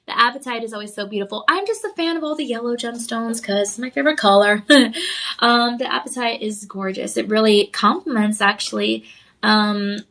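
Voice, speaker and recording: Woman, TV shopping host; high, bright voice; gushing, chatty sales pitch with giggles. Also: brisk. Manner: enthusiastic, gushing, frequent laughs and ums. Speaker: shopping channel jewelry host. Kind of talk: live on-air sales pitch. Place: TV studio.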